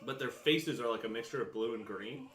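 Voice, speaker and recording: A man's voice: mid-range voice, brisk, noisy background. A man acting as game master, describing a scene casually and laughing often. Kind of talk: narrating a tabletop game.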